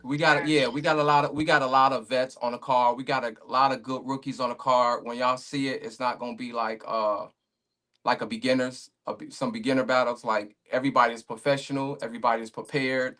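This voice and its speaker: A man's voice: medium pitch, flat delivery, a little fast, a bit bright. A man talking casually as a guest on a remote podcast call, laid-back and rambling, with many fillers and restarts. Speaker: league owner guest.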